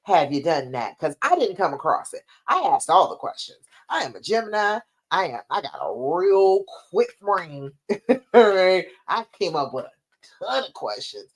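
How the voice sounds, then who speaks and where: A woman coach chatting live to her viewers, her pitch swooping up and down as she stresses points. She talks in a lively, emphatic way, speaking straight to the audience. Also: measured pace. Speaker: relationship coach. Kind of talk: live-stream advice chat.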